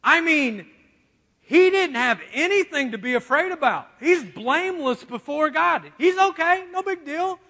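A man with a very high, bright, forceful voice preaches a lively sermon, joking and acting out little quotes along the way. His voice rings out with the long reverb of a large hall. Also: a little slow. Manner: animated, joking, acts out quotes. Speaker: pastor.

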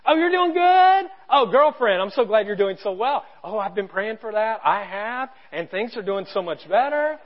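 A pastor voicing an overly sweet adult chatting on a friendly phone call, gushing and high. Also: male voice, lively intonation, normal speed, few pauses.

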